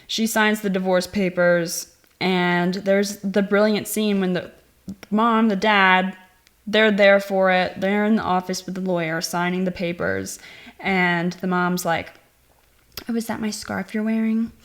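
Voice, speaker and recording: A woman hosting her own channel, giving a casual spoken movie review and retelling the plot in a chatty, animated way. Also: mid-range voice, measured pace. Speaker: film reviewer and channel host.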